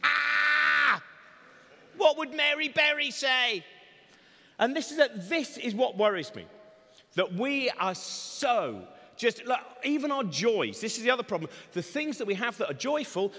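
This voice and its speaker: A man's voice: very high-pitched, fairly bright tone. A man doing a comedy talk on stage, rambling energetically with sardonic asides. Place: large event hall. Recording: long reverb of a large hall.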